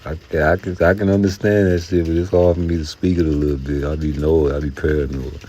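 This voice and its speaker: Deep, dark-voiced profane man. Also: flat delivery, a little fast, breathy edge. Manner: profane, rambling, slips into mocking put-on voices. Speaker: boxing commentator. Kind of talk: casual rant to camera.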